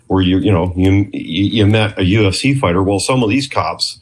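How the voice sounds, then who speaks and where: A man's voice: sits low, normal speed, slightly rough. A middle-aged man, a former clinician, telling rambling stories in an interview and often acting out quotes. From Canada. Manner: rambling, chatty, with frequent restarts and acted quotes. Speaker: guest, former clinician who worked with police. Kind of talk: storytelling interview.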